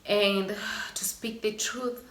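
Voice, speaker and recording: A woman's voice: mid-range voice, fairly even intonation, slow, fairly bright tone, a little hiss or hum. A woman vlogger talking earnestly and emotionally to her viewers, sighing now and then. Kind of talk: personal vlog monologue. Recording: echoey room.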